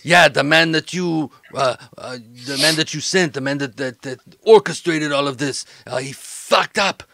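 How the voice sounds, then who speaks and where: A man's voice: fairly high pitch, normal speed, vocal fry, pushed and bright, a little hiss or hum. A man voicing a hot-tempered, foul-mouthed male henchman who stammers and curses in a tabletop game. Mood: angry. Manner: stammering, cursing constantly.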